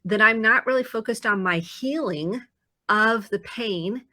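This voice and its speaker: A woman therapist talks through her ideas on a live talk show. Her voice is bright and close, with a dry sound. She explains in an earnest way and acts out the things people say to themselves. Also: mid-range voice, a little slow, no room sound. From Indiana, US. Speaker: therapist guest.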